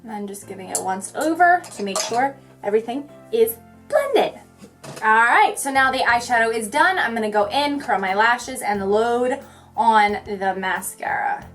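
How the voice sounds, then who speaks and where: Fast-talking bubbly young woman vlogger. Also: a little high, expressive, a bit bright, soft background music. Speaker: beauty vlogger. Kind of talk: chatty makeup tutorial talk-through.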